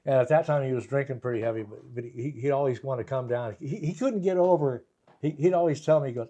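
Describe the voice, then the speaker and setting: An older man, a guitarist, telling anecdotes in a relaxed interview, laughing often and acting out the voices of the people in his stories. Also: medium pitch, fast, lo-fi sound. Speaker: guest guitarist. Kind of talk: casual storytelling interview.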